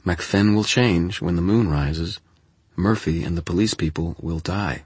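Very deep, husky male narrator. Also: normal speed, no echo. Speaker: audiobook narrator. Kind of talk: first-person scripted narration.

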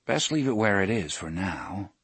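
A man doing a calm, steady young leader. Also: deep voice, normal speed, slightly rough, no room sound, heavily acted.

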